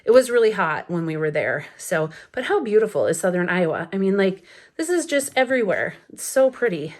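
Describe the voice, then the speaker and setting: A woman's voice: medium pitch, big pitch swings, brisk. A woman in her thirties chatting casually through a photo album flip-through late at night, rambling with lots of fillers and little laughs, a bit sleepy. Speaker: scrapbooking vlogger. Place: home at night.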